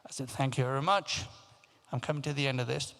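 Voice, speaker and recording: A man's voice: medium pitch, quick pace, vocal fry. A man in his fifties from Africa, raised in England, telling anecdotes at a forum and acting out the voices of the people in his stories. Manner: lively anecdotal storytelling, acting out quoted voices. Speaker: keynote speaker. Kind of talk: storytelling talk. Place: large conference hall. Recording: long hall reverb.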